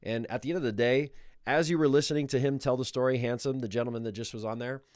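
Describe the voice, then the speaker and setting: A man hosting and commenting on a clip in a relaxed, conversational way. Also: medium pitch, fast, no room sound, clean studio sound. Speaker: show host. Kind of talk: casual commentary.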